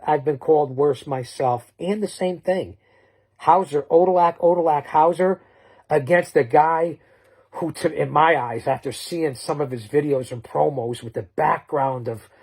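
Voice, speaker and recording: A middle-aged man rattles off a wrestling-style trash-talk promo in a husky, slightly breathy voice. He is bombastic and rambling, doubling back on his words as he hypes each matchup. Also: a little high, a little mellow. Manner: bombastic, rambling, with stammered restarts. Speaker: show host promoting matchups.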